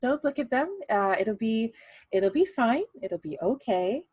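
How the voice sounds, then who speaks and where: A woman's voice: sing-song, measured pace, warm tone, dry recording. A woman voicing a flustered older aunt who gasps melodramatically. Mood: strained. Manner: gasping, melodramatic, high and shrill.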